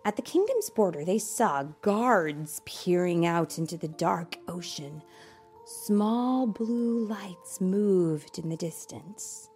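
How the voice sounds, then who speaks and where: A young adult mother reading a bedtime storybook aloud, animated, with playful asides. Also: on the low side, slow pace, faint music behind.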